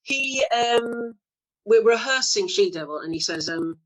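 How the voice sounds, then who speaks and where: A woman in her fifties tells bawdy anecdotes as the guest of an interview. Her voice sits a little high, and she talks in a loose, chatty way, laughing often. She is a frank storyteller. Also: lively intonation, unhurried, low-quality recording. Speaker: actress guest.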